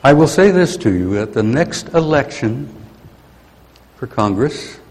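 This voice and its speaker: A man's voice: mid-range voice, very animated, unhurried, darkish tone. An older man giving a rambling, grumpy, folksy talk to an audience. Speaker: speaker addressing an audience. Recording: long hall reverb.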